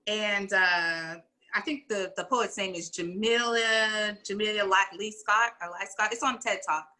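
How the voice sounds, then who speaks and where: A woman speaking in an animated, conversational way with casual slang, talking on a video call. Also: medium pitch, measured pace. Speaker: discussion panelist.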